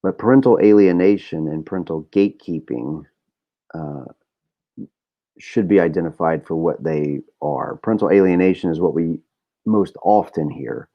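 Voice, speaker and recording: A man's voice: low-pitched, normal speed, lo-fi sound. A middle-aged man hosting a podcast, talking in a candid, rambling way with lots of fillers and swearing. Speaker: podcast host. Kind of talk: casual monologue.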